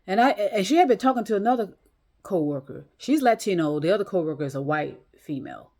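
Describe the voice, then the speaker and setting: A woman's voice: medium pitch, animated, fast, darkish tone. A woman talking casually to her viewers from a chair at home, rambling with many restarts and fillers and swearing bluntly. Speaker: vlogger. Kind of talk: casual monologue to camera. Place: small room at home, in a chair.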